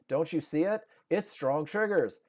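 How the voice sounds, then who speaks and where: A man's voice: on the high side, animated, measured pace, a little mellow. A man acting out the sellers in a chart, impatient and insistent, in a live trading class. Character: pushy group of market sellers, impatient.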